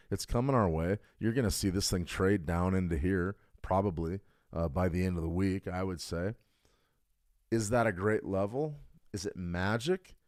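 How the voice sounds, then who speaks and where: Middle-aged man, very low voice, dry close mic; blunt streamer who gets loud and emphatic. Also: no echo. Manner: blunt, emphatic, builds to excited outbursts. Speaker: trading stream host. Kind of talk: casual livestream talk.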